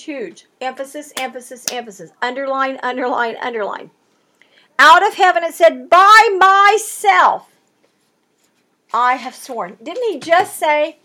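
A woman teaching a Bible study, emphatic, repeating key words and reading scripture with dramatic slowing. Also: sits high, a bit bright.

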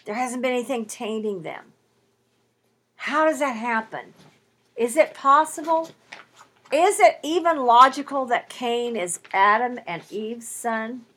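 A woman's voice: fairly high pitch, fairly bright tone, slightly rough. A woman teaching the Bible at home, reading scripture aloud and pressing her points with emphatic rhetorical questions and stretched key words.

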